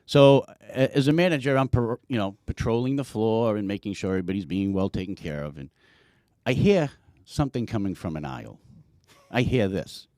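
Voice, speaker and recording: A man's voice: lowish voice, animated, fairly quick, darkish tone, no room sound, studio quality. A man hosting a casual sports podcast, swearing, telling stories and ribbing his guest. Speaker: podcast host.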